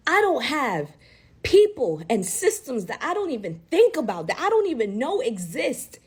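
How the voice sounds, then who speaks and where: A woman's voice: high-pitched, huge pitch swings, normal speed, a little mellow, husky. A woman content creator in an emotional vlog rant, angry and close to tears, swearing as she talks from the heart.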